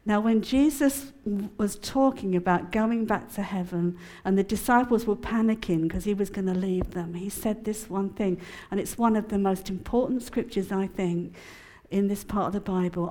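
A woman addresses a prayer conference, swinging between bright laughing storytelling and quieter teaching. Her voice sits at a middle pitch for a woman, and her delivery is lively and conversational. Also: normal speed. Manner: animated, laughing, chatty storytelling. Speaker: conference speaker. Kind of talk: personal testimony and teaching talk.

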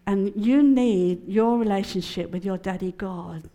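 A woman's voice: medium pitch, a little slow, dark tone. A middle-aged woman gives an emotional, testimony-style sermon at a prayer conference, often laughing as she speaks.

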